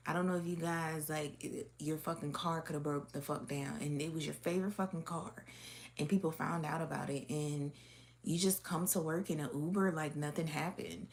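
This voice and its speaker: Woman reading cards for her viewers. Lowish voice, off-the-cuff delivery, blunt, swears freely, laughs often. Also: darkish tone. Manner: blunt and profane, with frequent laughs and fillers. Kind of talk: casual unscripted reading to camera.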